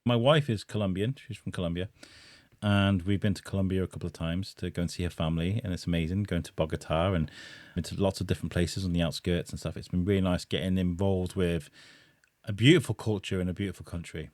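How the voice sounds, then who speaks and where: A man's voice: sits low, fast talker, no room sound, clean studio sound. A man, a podcast guest, tells a funny personal story with bursts of laughter. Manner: animated, laughing while telling a story.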